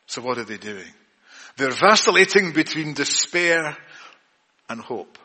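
Earnest preacher in a reverberant church. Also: male voice, on the high side, lively intonation, measured pace, pushed and bright, slightly rough. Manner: earnest, repeats words and restarts often. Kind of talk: evening church sermon. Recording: long reverb of a church hall.

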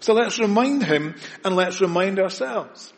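Man, preaching a sermon, earnest, emphatic, somewhat high voice, long hall reverb. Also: lively intonation, measured pace.

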